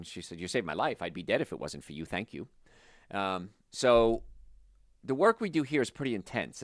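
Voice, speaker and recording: Chatty male health practitioner, lowish voice with a lively melody, tells stories, recorded dry and close. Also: no echo. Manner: animated, chatty, drifts into stories. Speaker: holistic health practitioner answering viewer questions. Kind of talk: casual Q&A monologue with anecdotes.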